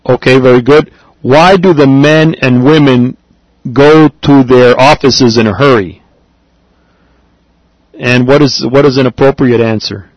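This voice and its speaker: Guy teaching a class, patient, says things over slow, dry close sound. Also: medium pitch, dry recording, lo-fi sound. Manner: patient, repeats phrases slowly for students. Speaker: Spanish teacher. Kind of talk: classroom language lesson.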